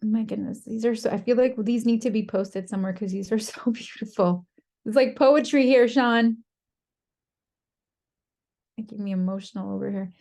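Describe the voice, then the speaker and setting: A woman's voice: on the high side, moderate pace, gravelly, long pauses, warm tone. A woman leading an online workshop on a video call, encouraging participants and reading their chat messages aloud. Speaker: workshop presenter.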